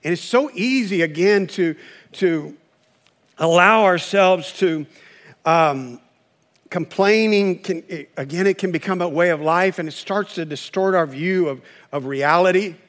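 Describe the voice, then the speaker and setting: At a measured pace, a pastor with a high, slightly bright male voice preaches casually and conversationally. He voices the things people say and chuckles along with his own stories.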